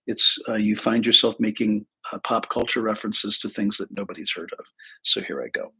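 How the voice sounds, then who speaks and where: A man's voice: on the low side, a little fast, bright, forceful tone, breathy edge, poor audio. A middle-aged man, a therapist and spiritual teacher, talking casually on a livestream in a rambling, self-deprecating way, full of fillers and restarts.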